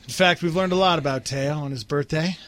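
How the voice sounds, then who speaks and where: A man's voice: fairly high pitch, brisk, noisy background. A man co-hosting a morning radio show, chatting in an upbeat way. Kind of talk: casual morning radio banter.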